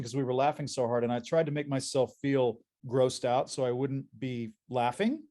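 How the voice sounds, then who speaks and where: Guy on a con panel spinning voice acting stories, warm mellow voice, trips over his words. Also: medium pitch, normal speed, few pauses. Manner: animated storyteller who repeats words while restarting. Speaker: voice actor panel guest. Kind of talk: casual convention panel anecdotes. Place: convention panel room.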